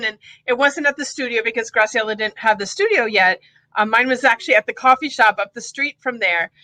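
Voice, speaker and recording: A woman's voice: fairly high pitch, bright, forceful tone, no room sound. A woman co-hosting a casual podcast, talking reflectively with many fillers and restarts. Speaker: podcast co-host.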